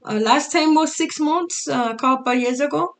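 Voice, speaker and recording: A middle-aged woman tells her story in a halting, unpolished way, with plenty of pauses and restarts. Her speech has an altered, foreign-sounding lilt. Her voice sits a little high, with a gravelly edge. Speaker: storyteller sharing her life. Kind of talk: casual personal storytelling.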